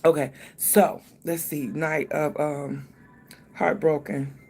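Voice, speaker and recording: A tarot reader talks loosely through a card spread, thinking out loud and swearing freely. The voice has a gravelly, creaky edge and sits at a middling pitch. A faint hum of noise runs under the recording. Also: level tone, slow pace. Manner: speaks directly to the viewer. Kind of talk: casual tarot reading.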